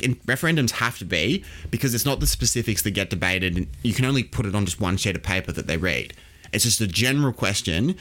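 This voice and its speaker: A man's voice: lowish voice, a bit bright. An Australian man hosting a podcast, explaining history casually and quizzing his co-host.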